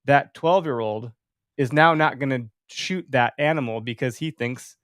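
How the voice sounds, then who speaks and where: A man in his thirties hosts a loose podcast conversation. He is animated and swears freely, slipping into other people's voices to act out quotes. His voice sits at a middle pitch and sounds dry and close, with no room echo. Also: normal speed. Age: 30s. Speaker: podcast host. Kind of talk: casual podcast chat.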